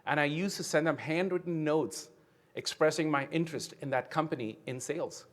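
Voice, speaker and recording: A man's voice: on the high side, brisk. Earnest man from India giving a keynote. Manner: earnest storytelling with frequent "right?" tag questions. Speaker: keynote speaker. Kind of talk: motivational keynote speech. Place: conference venue.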